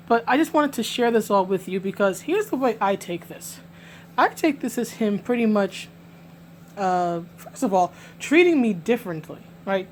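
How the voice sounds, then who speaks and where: A medium-pitched woman from New York City, speaking with a New York accent, delivers emphatic, indignant vlog commentary straight to the camera. She often restarts her words, and there's slight background noise.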